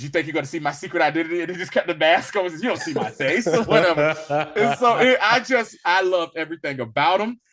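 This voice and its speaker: A man co-hosting a casual movie review podcast, animated and quick to act out scenes. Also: on the high side. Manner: animated, acts out movie lines in a raised voice. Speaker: podcast co-host.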